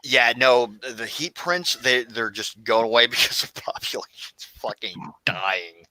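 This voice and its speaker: A man's voice: medium pitch, a little slow, pushed and bright, no room sound, low-quality recording. A man from Florida chatting casually as a guest, rambling with many fillers and restarts. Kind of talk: casual livestream chat.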